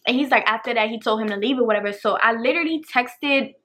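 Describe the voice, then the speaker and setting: A woman's voice: on the high side, fast, fairly bright tone. A young woman casually telling a storytime to the camera, chatty and profane. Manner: chatty and profane, acts out quotes. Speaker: storytime vlogger.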